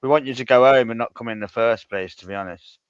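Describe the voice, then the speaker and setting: A man's voice: medium pitch, fast talker, smooth, no room sound. Blunt, sarcastic man on dull audio.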